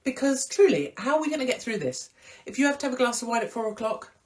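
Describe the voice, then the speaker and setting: A woman hosting a casual live-stream chat, irreverent and theatrical, breaking into sudden high exclamations. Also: big pitch swings, fast talker, darkish tone. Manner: swings into big high exclamations. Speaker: host.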